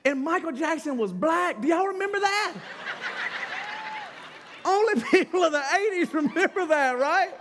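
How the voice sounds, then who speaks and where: A middle-aged male pastor giving a casual, humorous sermon, slangy and animated, talking straight to the crowd and breaking into shouts. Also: very high voice, brisk, few pauses, noisy background. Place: church sanctuary during a live service. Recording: long church-hall reverb with faint music behind.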